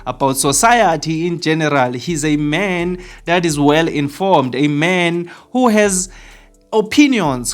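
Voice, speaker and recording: A South African channel host giving opinion commentary to camera, emphatic and rhetorical, repeating questions back to the viewer. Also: mid-range voice.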